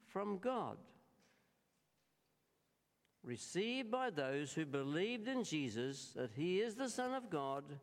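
An Australian man preaching a sermon, slow and deliberate, stressing key words and turning often to address the congregation. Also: on the high side. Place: church. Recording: reverberant church hall.

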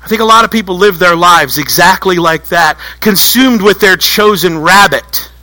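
Man, pastor, sermon, high voice, very bright, animated storyteller. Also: normal speed, rough recording. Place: church.

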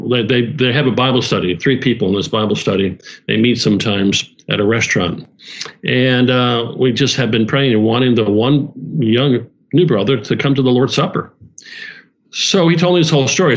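In a casual chat, a man who leads a small church speaks earnestly at mid pitch, frequently starting over and repeating himself. The audio is a bit dull and lo-fi.

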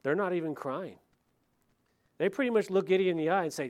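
A man, a middle-aged pastor, preaching a verse-by-verse sermon in a conversational way, with lively retelling and asides to the congregation. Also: high voice, normal speed. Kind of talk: expository sermon.

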